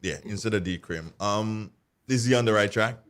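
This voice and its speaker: A man from Grenada with a Grenadian accent, hosting a radio talk show and speaking in a halting way with many fillers. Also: lowish voice, a bit bright. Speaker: radio host.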